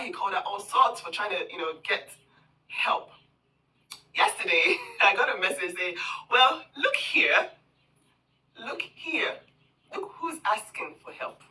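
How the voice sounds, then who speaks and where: A woman delivers a heated, scornful rant in a piercingly bright, forceful voice. She taunts and talks down at her target. She sits a little back from the mic, so the sound is slightly distant. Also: mid-range voice. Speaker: social media commentator. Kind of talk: heated direct-to-camera rant.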